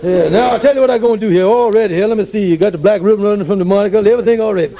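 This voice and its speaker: An actor playing a scheming male con man in a radio sitcom, talking fast with fractured grammar and mixed-up big words. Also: high-pitched, gravelly, mellow. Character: scheming smooth-talking male lodge brother. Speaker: con man steering his friend. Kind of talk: 1950s radio sitcom acting.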